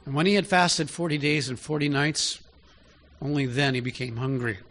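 A man's voice: on the high side, normal speed, fairly bright tone. A man preaching a sermon in an easy, conversational way, often asking his listeners direct questions.

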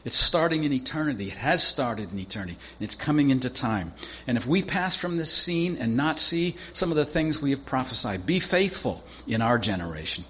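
A man's voice: medium pitch, lively intonation, a little fast, sharp tone, dull audio, slight background noise. A male pastor preaching a sermon in a conversational, folksy storytelling way with casual asides.

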